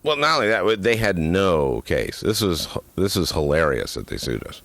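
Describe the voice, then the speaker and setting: A man guesting on a comic radio interview, telling deadpan jokes with stumbling restarts. His voice is low but swings widely in pitch. It sounds dry and close. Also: normal speed, no echo. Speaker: author and radio talk-show guest.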